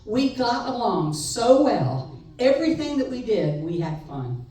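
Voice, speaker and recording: A middle-aged woman telling a personal story live on stage, wry and animated, laughing between lines. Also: on the high side, unhurried. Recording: echoey room, far mic, faint noise.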